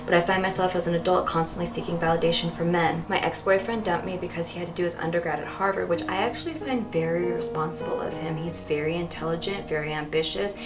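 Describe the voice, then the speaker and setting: A woman playing an earnest sorority girl who rambles on in a quiet, lowered voice. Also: steady tone, fast talker, hardly any pauses, music in the background, close to an everyday voice, poor audio. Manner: earnest, rambling, subdued monologue.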